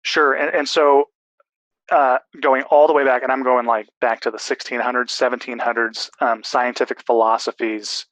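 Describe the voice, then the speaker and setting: A man's voice: mid-range voice, level tone, moderate pace, fairly bright tone, poor audio. A man in a casual discussion, explaining at length with restarts and fillers.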